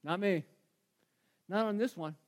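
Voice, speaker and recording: A man acting out a rattled fisherman who brushes off every question with quick, evasive denials. The voice sits high for a man and stays close to the preacher's own everyday tone, as in a retold story within a sermon. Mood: defensive. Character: man voicing a scared, defensive fisherman.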